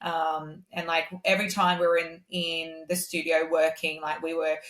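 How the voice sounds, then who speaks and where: Lower-voiced Australian woman in an echoey room. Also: normal speed. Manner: animated, acts out others' lines in a much higher voice; many "um" and "like" fillers. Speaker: guest singer-songwriter. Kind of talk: casual storytelling in a podcast interview.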